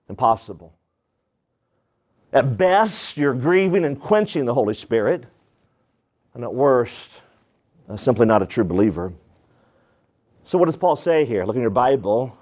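A middle-aged man preaching a sermon, emphatic, asking rhetorical questions and repeating lines for stress. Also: on the high side.

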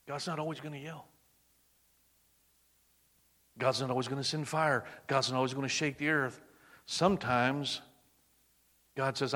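Animated preacher man, bright tone. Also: a little high, normal speed. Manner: animated, swings between loud emphasis and hushed near-whispers. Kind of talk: sermon.

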